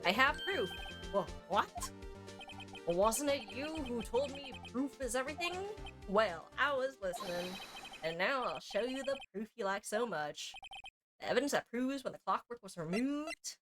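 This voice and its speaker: A woman's voice: on the high side, big pitch swings, moderate pace, pitched above the performer's own voice. A tipsy woman reading the lines of an earnest young male defense attorney from a game, with game music behind her. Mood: triumphant.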